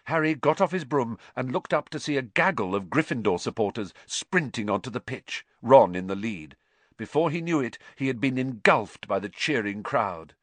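A man reading a story aloud as an audiobook narrator, in a lively, dramatic storytelling manner. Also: mid-range voice, moderate pace, no room sound.

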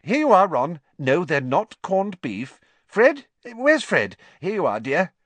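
A man voicing a fussing, motherly middle-aged witch, lifting his voice high and loud as she calls out. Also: big pitch swings, slow pace, dry recording, full character voice.

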